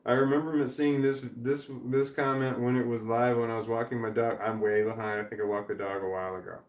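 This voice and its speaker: A man's voice: medium pitch, level tone, a little fast. A middle-aged man chatting casually as he reads live chat comments, rambling, often restarting his sentences and swearing freely. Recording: echoey room with faint background noise.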